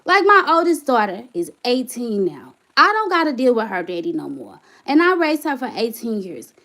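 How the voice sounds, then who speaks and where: High, animated woman venting to viewers. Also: normal speed. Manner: impassioned, repeated rhetorical questions; reads viewer comments aloud. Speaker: channel host, single mother. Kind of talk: emotional livestream venting.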